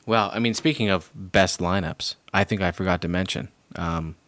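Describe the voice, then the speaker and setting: Male podcast host, low voice, joking hype man, dry close mic. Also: a bit bright, no room sound. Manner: joking, drawn-out hype with swearing. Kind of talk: casual podcast banter.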